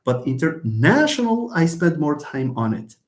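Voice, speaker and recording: A man's voice: medium pitch, darkish tone. Hesitant male lecturer in an echoey room. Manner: hesitant, many fillers and repeated words; explains slowly, stretching example words. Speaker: linguistics lecturer. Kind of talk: live online lecture answering comments. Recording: roomy echo.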